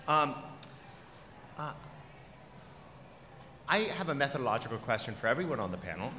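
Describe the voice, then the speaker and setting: A man's voice: medium pitch, very animated, moderate pace, bright, forceful tone. Hesitant man asking a question from the floor. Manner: hesitant, many fillers, rising emphasis. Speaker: law professor asking an audience question. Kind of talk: audience question at a panel. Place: large conference hall. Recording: echoey hall with audible noise.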